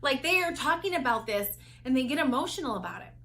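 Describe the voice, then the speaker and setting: A woman's voice: sits high, sing-song, fast, a bit bright. A woman weight loss coach talking energetically and candidly in a motivational vlog, with lots of "like" and restarts.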